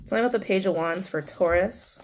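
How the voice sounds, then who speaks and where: A young woman giving a casual tarot reading, animated and blunt, swearing and talking straight to her viewers. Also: medium pitch, fairly quick, noisy background. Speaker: tarot reader.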